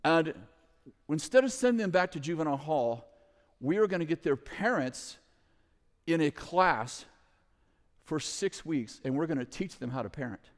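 Animated man telling a story in a hall. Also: a little high, moderate pace. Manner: animated, loud bursts and acted quotes, chuckling asides. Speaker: ministry leader telling a story. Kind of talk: storytelling testimony to an audience. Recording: long hall reverb.

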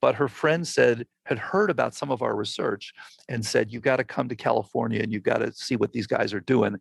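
Older man, gravelly husky voice, dry close sound, animated interview storyteller. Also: medium pitch, a little fast, no room sound. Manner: animated storyteller acting out quoted exchanges. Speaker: physician and researcher guest.

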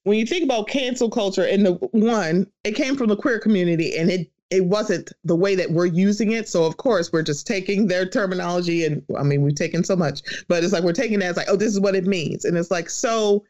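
Podcast host ranting casually, middle pitch, cusses a lot, does little voices for people. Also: brisk, hardly any pauses. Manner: animated, profane, acts out quoted voices. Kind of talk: casual opinion chat.

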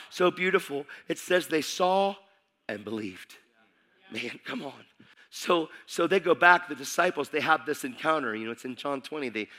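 Passionate guy preaching, bright sharp voice, emphatic, repeats stuff. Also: mid-range voice. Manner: passionate and emphatic, repeats phrases, swings from hushed to shouting. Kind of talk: sermon.

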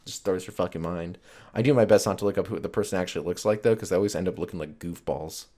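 A man's voice: deep voice, fast talker, dark tone. A man hosting a solo podcast, rambling casually and swearing freely between jokes. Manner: rambling, profane, joking. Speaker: podcast host.

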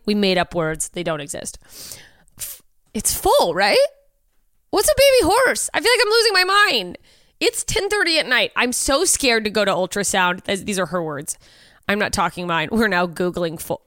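A woman hosting a comedy podcast, reacting with sarcastic disbelief and swearing freely. Her pitch swings widely as she talks, animated and expressive. The recording is dry and close, with no room sound. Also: dry recording. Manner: profane, incredulous, sarcastic, laughs often. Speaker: podcast host. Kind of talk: casual comedic chat.

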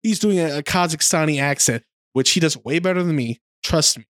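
A man co-hosting a podcast, retelling film scenes in casual chat with animated delivery. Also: on the high side, a little fast, no echo. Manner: animated storytelling, slips into a mimicked accent. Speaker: podcast co-host.

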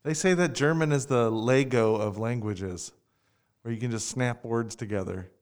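A man's voice: medium pitch, moderate pace. A man hosting a podcast, chatting in a playful, joking way and laughing often. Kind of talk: casual chat.

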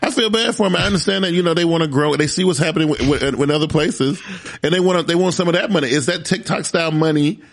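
A man's voice: a little high, fast, vocal fry. A man co-hosting a casual podcast, joking and laughing a lot, often repeating words as he talks. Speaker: podcast co-host. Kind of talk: casual banter.

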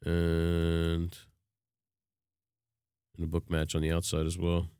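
A man with a very deep, smooth, resonant voice chats casually on a podcast in relaxed, trailing phrases. His sound is dry and close to the mic. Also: slow, no echo. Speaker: podcast co-host. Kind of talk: casual chat.

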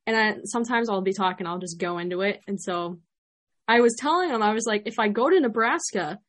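A woman's voice: mid-range voice, brisk. A woman with a Chicago accent hosting a podcast in a casual, upbeat interview chat. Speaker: podcast host.

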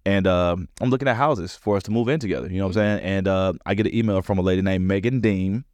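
A man's voice: sits low, fast talker, dry recording. A man, a comedian, telling stories in a casual interview, acting out the voices of people in them. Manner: animated storyteller, acts out other people's lines. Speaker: comedian guest.

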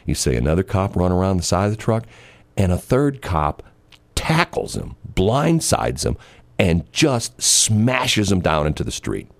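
A man's voice: low-pitched, wildly swooping pitch, unhurried, vocal fry. A man hosting a casual chat, telling a long story in a rambling way with many fillers and restarts.

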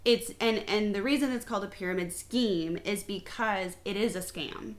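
A woman with a Canadian accent, a podcast guest explaining things at length in a measured way with fillers and restarts. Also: medium pitch.

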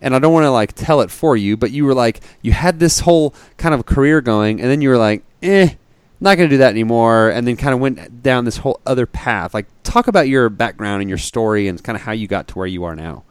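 A man's voice: medium pitch, quick pace, hardly any pauses, clear, resonant tone, no echo. A man co-hosting a podcast in casual chat, rambling with many fillers and restarts. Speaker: podcast co-host.

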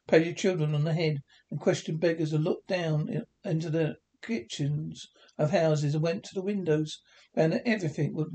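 Man reading a classic novel aloud. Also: warm tone. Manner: unpolished reading with frequent slips and restarts; lifts pitch for the quoted lines of the characters. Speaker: reader.

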